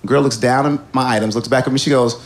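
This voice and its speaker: A man doing a stand-up comedy set, animated and rambling, with crude punchlines. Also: mid-range voice, fast.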